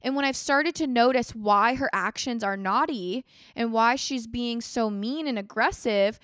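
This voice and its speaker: A woman's voice: fairly high pitch, a little slow, fairly bright tone, no echo, clean studio sound. A woman hosting a podcast, talking earnestly in a rambling personal monologue, full of "like" and restarts. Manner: earnest, rambling, heavy use of "like". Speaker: podcast host.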